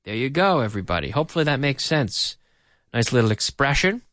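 A man's voice: medium pitch, a little fast, dry recording, clean studio sound. A middle-aged man teaching an English lesson, playfully drilling words by repeating them with a rhythmic da-da-da. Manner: playful, animated delivery.

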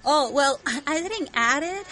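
High-voiced bubbly woman podcaster. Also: lively intonation, takes it slowly, bright, forceful tone, faint music behind, rough recording. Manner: bubbly, giggly, reads out listener comments. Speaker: podcast co-host. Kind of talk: casual chat about a book series.

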